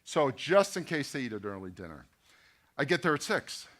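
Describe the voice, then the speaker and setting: A middle-aged man speaks as a pastor addressing a business luncheon. He tells animated stories, acting out the dialogue himself. He often turns to the crowd with direct questions. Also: medium pitch, moderate pace. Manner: storytelling, animated anecdotes with quoted dialogue.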